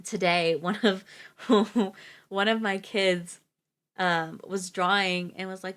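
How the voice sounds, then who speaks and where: A woman's voice: medium pitch, steady tone, moderate pace, fairly bright tone. A young woman streamer reading fairytales aloud, who drifts into chatty asides. She laughs easily and corrects her own slips as she goes. Her voice sits in a middle register.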